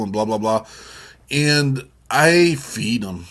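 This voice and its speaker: A man's voice: mid-range voice, takes it slowly. A man co-hosting a casual chat show, telling a long story with many restarts. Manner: rambling, warm storytelling with restarts. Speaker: co-host.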